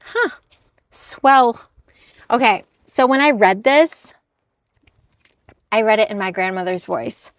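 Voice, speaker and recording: A woman's voice: mid-range voice, unhurried, long pauses, no room sound. A woman chatting casually in a haul video, bubbly and self-deprecating as she shows her thrift finds. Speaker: reseller vlogger.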